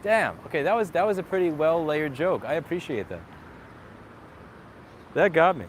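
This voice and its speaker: A man's voice: fairly high pitch, expressive, moderate pace, slight background noise. Sarcastic man ranting on a street. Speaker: tech streamer. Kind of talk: casual live chat walking outdoors.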